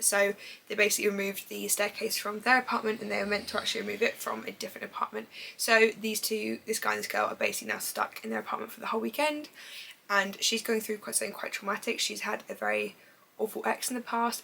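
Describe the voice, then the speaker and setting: A woman's voice: mid-range voice, vocal fry, sharp tone, a little hiss or hum, rough recording. A young woman, chatting casually about books she has read, rambling and gushing. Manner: chatty and rambling, full of fillers like "basically"; gushing and enthusiastic. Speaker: book vlogger. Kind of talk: casual book review chat.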